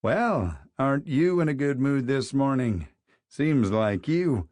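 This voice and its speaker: A man's voice: medium pitch, expressive, slow pace, a little mellow, no echo, clean studio sound, voice pushed up. A man voicing a wisecracking, teasing male teacher in an audiobook, with a mocking, joking delivery. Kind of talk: audiobook character voice.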